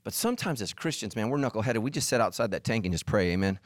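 Male pastor, middle-aged, comic sermon, lively up-and-down voice, dry close sound. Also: lowish voice, fast talker, dry recording. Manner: animated, acts out voices and quotes. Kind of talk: humorous sermon.

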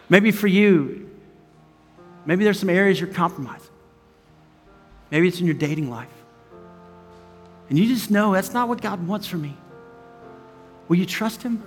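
A middle-aged male pastor preaches in an earnest, chatty way, drifting into stories and asides as he goes. His voice sits high for a man. It rings out with a long hall echo, with faint music beneath. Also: moderate pace, pauses often. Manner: conversational and earnest, storytelling with asides. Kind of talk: sermon.

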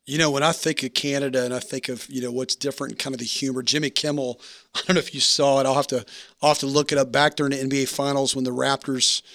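A man's voice: medium pitch, flat delivery, quick pace, a bit bright, no room sound, studio quality. Chatty, curious male podcast host. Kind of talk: casual interview talk.

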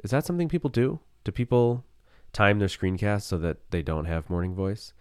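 A man hosts a solo podcast, thinking aloud in a rambling, self-mocking way. His voice sits very low, thick with morning grogginess and a cold. The sound is dry and close. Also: brisk, clear, resonant tone, dry recording. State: has a cold. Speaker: podcast host. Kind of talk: casual solo podcast musing.

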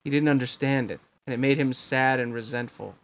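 A man's voice: medium pitch, brisk. A man narrating a novel aloud in a plain reading voice, with occasional slips.

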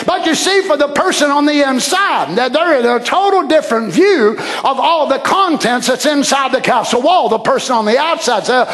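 A very high-pitched man preaches a fiery sermon. He shouts his points, cries out hallelujah and acts out the voices he quotes. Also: expressive, a little fast, hardly any pauses.

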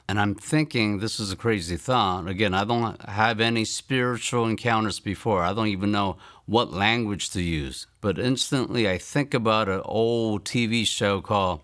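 A man in his fifties from the United States, telling his personal faith testimony in an earnest, reflective way and slowing down to stress key lines. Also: fairly low pitch, fairly bright tone, dry recording, studio quality. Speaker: testimony speaker.

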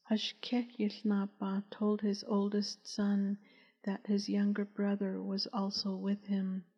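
A woman narrating a novel as an audiobook in a slow, measured, even reading. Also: mid-range voice, breathy edge. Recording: dull, echoey recording.

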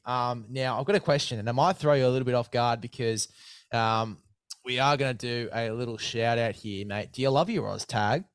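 A man's voice: medium pitch, moderate pace, clean tone, no echo, clean studio sound. A young Australian man hosting a casual sports chat, saying "mate" often and hyping a sponsor. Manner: chatty, says "mate" a lot, hypes sponsor read. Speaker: podcast host.

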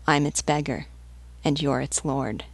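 A woman's voice: sits low, steady tone, a little slow, husky, no room sound, full character voice. A woman voicing a shabby, white-haired old male beggar who speaks plainly and steadily. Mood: steady.

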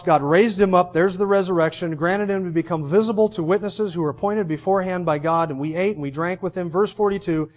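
A male preacher with a high-pitched voice delivers an expository sermon, reading scripture passages aloud and then commenting on them. He talks emphatically, driving home each point. The recording sounds dull and lo-fi.

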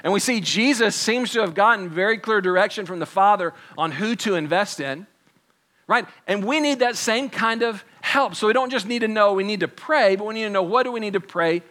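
A man's voice: high voice, brisk, sharp tone. A man preaching a sermon, earnest and conversational, using props and building to emphatic points. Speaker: pastor.

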